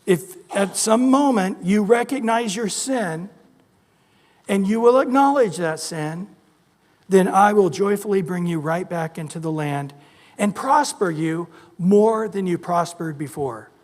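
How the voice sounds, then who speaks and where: Pastor, male, lively storyteller voicing quotes; bright high register, church reverb. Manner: animated storytelling, acting out quoted voices. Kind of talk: sermon. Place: church sanctuary.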